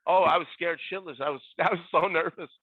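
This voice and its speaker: A man's voice: on the high side, steady tone, fast talker, breathy edge, dry recording. A middle-aged man telling stories as a podcast guest, acting out other people's lines in raised voices. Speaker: podcast guest, former ballboy. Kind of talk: animated storytelling. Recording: tinny phone-like line.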